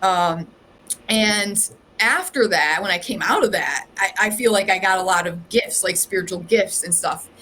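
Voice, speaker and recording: A psychic medium from Ohio, USA, appears as a podcast guest and tells her story in a chatty, rambling manner, saying "like" constantly. Her medium-pitched voice is pushed and bright, with lively intonation and normal speed, on a low-quality recording with slight background noise.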